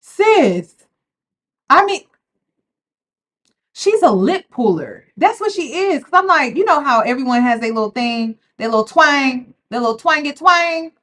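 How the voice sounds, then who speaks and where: A woman's voice: high-pitched, a little slow. A woman giving casual, slangy commentary on a reality show, chatty and talking straight to her viewers. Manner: animated, chatty, slangy, addresses viewers as y'all.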